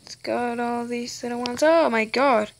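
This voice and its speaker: Female gamer host, high and a bit fried, unhurried, excitable chatter over gameplay. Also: vocal fry, noisy background. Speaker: gaming channel host. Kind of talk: gameplay commentary.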